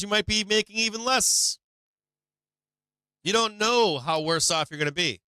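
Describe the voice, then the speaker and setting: A blunt, swearing man rants on his live stream with a bright, forceful edge to his somewhat high voice. His delivery is crisp and clean, and the recording is very dry and close. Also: no room sound. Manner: profane, blunt, laughing, preachy. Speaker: stock market live stream host. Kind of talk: casual live stream rant.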